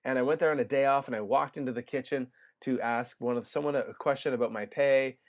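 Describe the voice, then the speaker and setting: Middle-aged canadian guy hosting a podcast, chatty, restarts a lot, mid pitch. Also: steady tone, quick pace, darkish tone. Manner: chatty, rambling with restarts and fillers. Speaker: podcast host. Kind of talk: casual interview chat.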